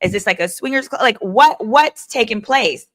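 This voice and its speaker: Sassy bright-voiced woman attorney. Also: on the high side, normal speed. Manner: sassy, animated, talks straight to viewers. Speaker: attorney and live-stream host. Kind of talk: live legal commentary chat.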